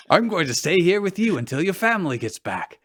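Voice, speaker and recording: A man's voice: high voice, sing-song, normal speed, a bit bright, pitched above the performer's own voice. A man voicing a creepy, over-sweet English pop singer with a put-on Manchester accent. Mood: smarmy.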